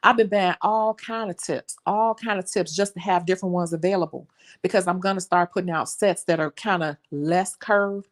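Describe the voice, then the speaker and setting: A young adult woman with a Chicago accent, a nail technician chatting to her viewers in an animated, talkative way. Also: fairly low pitch, moderate pace. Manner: chatty, animated storytelling, says y'all. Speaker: nail technician and channel host. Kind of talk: casual chat to viewers.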